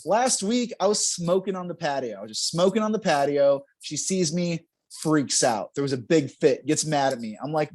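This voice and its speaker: A young man performs a stand-up comedy set on a club stage. His voice sits high and swings widely in pitch as he lands self-mocking punchlines. He laughs between jokes. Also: animated, moderate pace, a little mellow.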